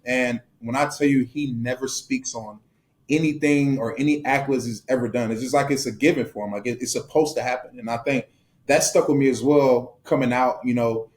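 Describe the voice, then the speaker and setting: Fast-talking young man telling stories. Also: medium pitch. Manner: relaxed storytelling with fillers and laughs. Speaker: football player guest. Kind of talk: casual interview talk.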